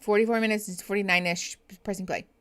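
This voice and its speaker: A woman's voice: mid-range voice, fairly even intonation, quick pace, a bit bright. A woman therapist hosting a live reaction stream, chatting casually with her viewers and laughing often. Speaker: therapist and livestream host.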